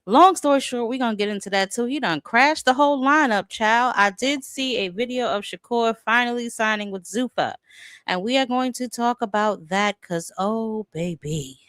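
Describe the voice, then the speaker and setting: A woman's voice: fairly high pitch, moderate pace, a bit bright, dry recording, clean studio sound. A woman hosting a casual boxing livestream, dramatic and sassy, calling her viewers honey and child.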